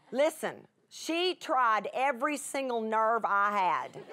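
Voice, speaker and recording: A woman's voice: a little high, big pitch swings, takes it slowly, bright, forceful tone. Tearful woman telling a story. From United States. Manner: emotional, tearful at times, folksy and chatty with laughs. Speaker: Bible teacher guest. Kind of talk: emotional personal storytelling.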